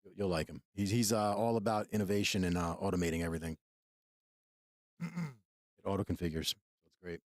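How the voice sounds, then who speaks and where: A man from New Jersey hosting a gaming podcast, talking fast and emphatically. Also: low-pitched, expressive, dry recording, studio quality. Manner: fast, emphatic, swears freely. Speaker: podcast host. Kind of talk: casual podcast chat.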